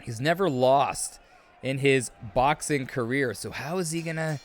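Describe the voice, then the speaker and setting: A man hosting his sports channel, casually commentating a simulated fight live, calling him "man" and "brother" as he goes, with bursts of excitement at big moments. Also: medium pitch, unhurried. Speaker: sports commentator and video host. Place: home setup, recording live.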